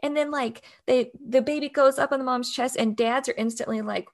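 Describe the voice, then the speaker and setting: A young woman co-hosting a chatty podcast, her voice sitting a bit high with a gravelly fry running through it. She talks loosely and easily, full of "like" and quick laughs. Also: fairly even intonation. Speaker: doula podcast co-host. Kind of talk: casual podcast chat.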